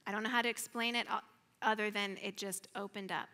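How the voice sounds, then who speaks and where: A woman's voice: mid-range voice, steady tone, brisk, pushed and bright, long reverb tail. A woman sharing a personal testimony in a sermon at church, earnest and emotional, sometimes sinking to a near-whisper. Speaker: church speaker. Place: church sanctuary.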